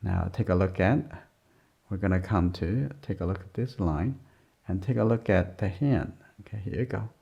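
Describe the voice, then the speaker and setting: A man with a deep, gravelly, mellow voice talks an art lesson through as he draws. He murmurs in short, simple, broken phrases. The recording is dull and lo-fi. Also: moderate pace. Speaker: art teacher. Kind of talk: drawing lesson narration while working. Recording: dull lo-fi sound.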